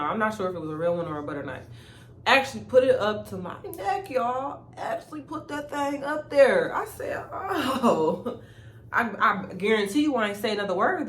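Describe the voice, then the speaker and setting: Laughing young woman telling a story. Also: on the low side. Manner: animated, laughing, addresses viewers as y'all. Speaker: vlogger. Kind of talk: casual storytime. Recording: echoey room with faint ambient noise.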